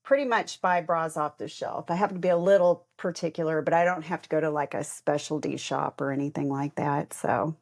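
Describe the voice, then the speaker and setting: A middle-aged woman co-hosts a podcast in a low-pitched, creaky voice, talking a little fast with few pauses. In casual chat she tells personal stories, animatedly acting out the voices of what others said and laughing often.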